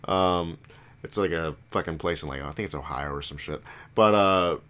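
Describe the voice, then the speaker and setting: A man's voice: rumbling low, moderate pace, a bit bright. A man co-hosting a podcast, chatting in laid-back, profane banter. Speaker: podcast co-host. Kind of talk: casual chat.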